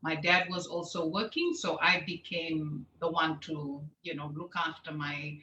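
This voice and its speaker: A middle-aged woman from Fiji, a show host, telling her life story as an interview guest with lively storytelling. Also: deep voice, unhurried, muffled recording. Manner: lively, animated storytelling with laughs. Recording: echoey room, faint background noise.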